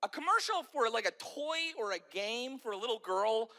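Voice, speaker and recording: A male stand-up comedian telling jokes in an animated way, often acting out voices. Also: very high voice, moderate pace.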